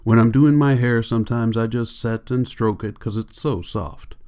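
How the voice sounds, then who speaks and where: A man voicing a vain, chatty young ranch wife in a plain mid-pitched voice, in an audiobook reading. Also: moderate pace, warm tone, lightly acted. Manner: chatty, complacent, drawling.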